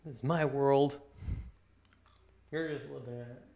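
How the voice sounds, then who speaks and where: A man hosting a casual livestream, chatting with viewers and talking softly to his pet between remarks. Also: mid-range voice, steady tone, unhurried, vocal fry. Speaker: livestream host.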